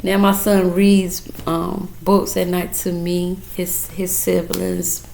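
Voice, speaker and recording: A woman's voice: on the low side, monotone, slow pace, vocal fry, dark tone, a little hiss or hum. A woman talking casually and earnestly to her viewers about her faith, emotional and close to tears as she encourages them. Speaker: mother giving a testimony. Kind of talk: casual faith testimony vlog.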